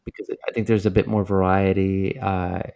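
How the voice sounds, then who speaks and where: A man's voice: sits low, flat delivery, normal speed, gravelly, darkish tone. A man co-hosting a casual tabletop gaming discussion in a laid-back, jokey way. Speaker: podcast co-host.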